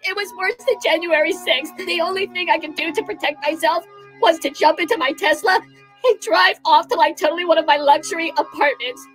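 Comic satire: a woman as a melodramatic, ditzy young politician, piercingly high and bright. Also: brisk, soft background music, rough recording. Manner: valley-girl fillers, breathless exaggeration.

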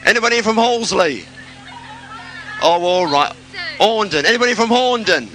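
A man's voice: high voice, animated, moderate pace, bright, forceful tone, slight background noise, poor audio. A man compering a live outdoor stage show on local radio, joking and teasing the crowd and calling out to them. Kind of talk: live outside broadcast compering. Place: outdoor stage in a town centre. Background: music playing.

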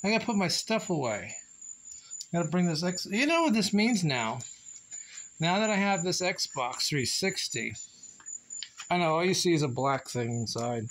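A man's voice: a little high, sing-song, moderate pace, long pauses, fairly bright tone. A man vlogging casually at home, chatting to viewers and teasing his dog in a rambling way. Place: home yard and house, partly outdoors.

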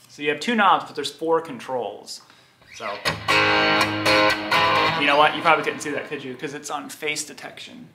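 A man hosting a guitar channel, chatting casually to camera in a rambling, self-deprecating way. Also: mid-range voice. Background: electric guitar playing.

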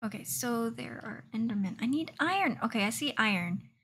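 A woman's voice: on the high side, expressive, fairly quick, a bit bright, slight background noise. A young woman streaming a game live, chatting to herself and often dropping into a whisper. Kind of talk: live gameplay commentary.

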